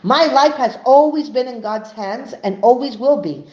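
A woman giving a religious lesson, earnest and emphatic, who tells a story with animated voices. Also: on the high side, normal speed. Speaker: Torah teacher. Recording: dull, echoey room.

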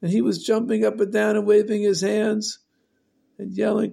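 A man hosting a storytelling show, narrating a tale slowly and deliberately, with long pauses. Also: high-pitched, little pitch movement, gravelly, warm tone, husky. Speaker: storyteller host.

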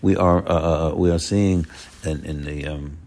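As a rabbi leading a Torah class, this man speaks emphatically, shifting from loud exclamations to quiet murmurs and repeating words to drive points home. His tone stays steady, his delivery is somewhat slow, and his voice is creaky.

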